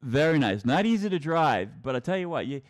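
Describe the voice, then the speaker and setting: A middle-aged New England man, a tour guide and teacher, leads a casual virtual tour in a brisk, sing-song voice pitched fairly high. He rambles, restarting often and chuckling along the way.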